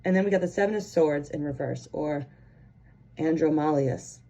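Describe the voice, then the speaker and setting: A woman talks through a pick-a-card tarot reading in a relaxed, chatty way. Her voice sits a little low and sounds soft and mellow. She gets excitable and rambles, filling her sentences with small fillers. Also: normal speed. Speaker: tarot reader.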